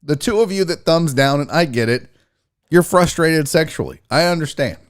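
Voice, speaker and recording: A man hosting a sports talk livestream, a little drunk, joking loudly with his chat and swearing often. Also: fairly high pitch, lively intonation, moderate pace. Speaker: sports talk show host.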